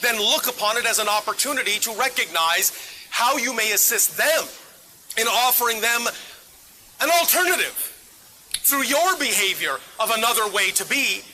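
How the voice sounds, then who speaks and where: An otherworldly male being, as a man channels it, speaks in a high, piercing voice. He is clipped and emphatic, answering a live audience and pressing questions back at them. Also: animated, normal speed, bright, forceful tone, a little hiss or hum, heavily acted, poor audio. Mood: insistent. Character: otherworldly male entity channeled through a man, insistent and probing.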